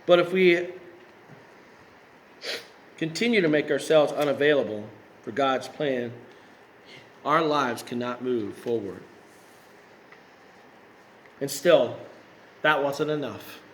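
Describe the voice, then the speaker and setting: A man's voice: medium pitch, lively intonation, slow pace, pauses often. A man preaching a sermon in a conversational way, tossing in rhetorical questions. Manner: conversational, with rhetorical asides and self-corrections.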